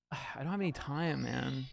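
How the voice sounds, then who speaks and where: A man's voice: mid-range voice, a little slow, vocal fry. Rambling, profane young male streamer. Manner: rambling, profane, frequent fillers and laughs. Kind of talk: casual live-stream chat. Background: music playing underneath.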